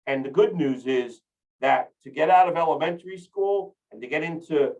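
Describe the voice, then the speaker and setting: A man coaching real estate agents in a casual, energetic training talk, rambling with many restarts while standing up. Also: fairly high pitch, moderate pace, recorded from a distance, highs cut off.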